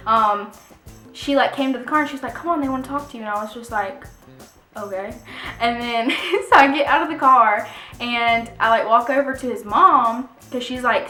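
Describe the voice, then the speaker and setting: A young woman telling a story on her vlog, animated and laughing often, with many "like" fillers. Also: fairly high pitch, reverberant. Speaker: vlogger. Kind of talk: casual storytime.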